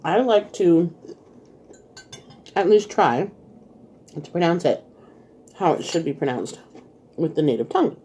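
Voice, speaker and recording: A woman with a low, mellow voice chats casually between bites. She talks to viewers in an easy mukbang style, laughing often. Faint clinks of cutlery and dishes sit behind her. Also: lively intonation, measured pace, long pauses, slight background noise. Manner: chatty, eating while talking, laughs often. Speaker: vlog host.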